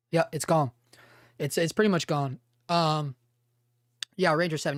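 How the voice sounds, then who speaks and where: A man hosting a live stream, chatting casually and reading viewer comments in a rambling, profane way, his voice hoarse and giving out. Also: fairly high pitch, fairly even intonation, normal speed, pauses often, no room sound, clean studio sound.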